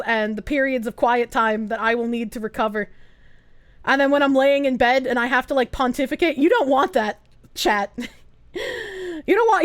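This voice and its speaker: Very high-voiced giggly woman streamer. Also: dry recording. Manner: giggly and loose, swears freely, laughs often. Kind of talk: casual live-stream chat, reading viewer messages.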